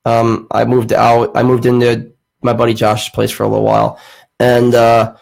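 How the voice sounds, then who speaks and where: A man's voice: medium pitch, monotone, moderate pace, creaky, a little mellow, poor audio. A young man hosting a podcast, telling a long rambling story in casual, profane chat with plenty of fillers. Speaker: podcast host.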